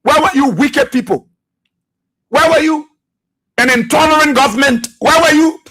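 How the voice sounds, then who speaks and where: A man's voice: very high-pitched, moderate pace, pushed and bright. A man with a Liberian English accent hosting a political talk radio show, firing accusing rhetorical questions with mounting fervor. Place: radio studio.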